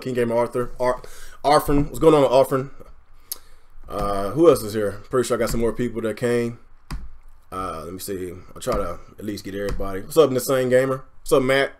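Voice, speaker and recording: A man hosting a gaming live stream, ranting heatedly with lots of swearing and shouting, then calmly greeting viewers. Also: mid-range voice. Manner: heated, profane, often shouting, then calm chatty shout-outs.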